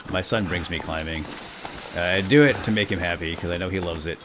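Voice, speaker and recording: A middle-aged man chatting excitedly through his own gameplay as a let's-play commentator. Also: low voice, brisk, background noise. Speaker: gaming YouTuber.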